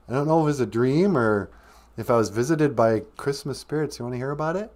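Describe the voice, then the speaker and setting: A man hosting a livestream podcast, telling a rambling deadpan tall tale full of hesitations. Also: medium pitch, brisk. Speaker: podcast host. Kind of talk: comedic storytelling on a livestream.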